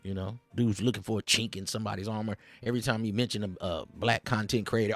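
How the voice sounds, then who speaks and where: A man hosting a livestream, ranting in casual street slang, preachy and animated, with frequent repeats. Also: on the low side, fast talker, few pauses, dry recording, faint music behind. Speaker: livestream host.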